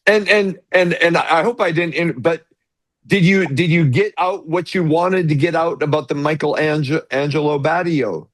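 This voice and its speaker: A man hosting a casual interview over a video call, asking halting questions. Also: on the high side, fairly bright tone, no room sound. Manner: short interjections, hesitant questions. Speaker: interview host.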